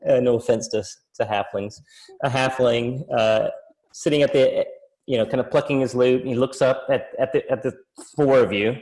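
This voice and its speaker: A man's voice: medium pitch, fairly even intonation, brisk, darkish tone, rough recording. A man narrating a tabletop game as game master, rambling with many fillers and laughing easily.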